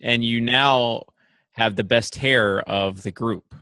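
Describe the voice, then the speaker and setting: A man's voice: medium pitch, slow pace, pushed and bright, dry recording. A man with a Southern accent hosting a sports podcast in casual, playful banter over a remote call. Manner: playful, teasing. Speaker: podcast host. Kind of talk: casual chat.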